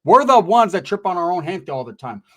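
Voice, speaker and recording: A man's voice: high-pitched, very animated, brisk, fairly bright tone. A man telling stories in casual, slang-heavy talk, acting out what other people said. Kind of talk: casual storytelling.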